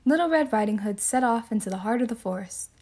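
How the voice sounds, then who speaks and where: A woman telling a classic fairy tale as a soothing bedtime story, with gentle, measured narration. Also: on the high side, animated, breathy edge.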